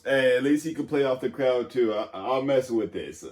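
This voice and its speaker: A man's voice: mid-range voice, fairly quick, background noise. A man hosting a reaction video, chatting casually with viewers in a laid-back way.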